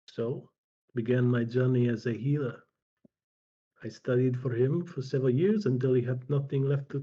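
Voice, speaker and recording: A man voicing an ancient, weary healer who has lived alone for centuries, speaking slowly and with sighs. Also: mid-range voice, warm tone, breathy edge, highs cut off, lightly acted. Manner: slow, sighing, measured.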